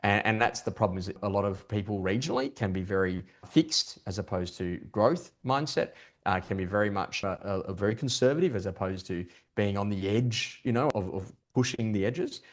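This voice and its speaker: A middle-aged man, a performance coach, talking as a guest in a podcast interview, telling stories quickly with lots of restarts. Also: fairly low pitch. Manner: fast, animated storytelling with many restarts.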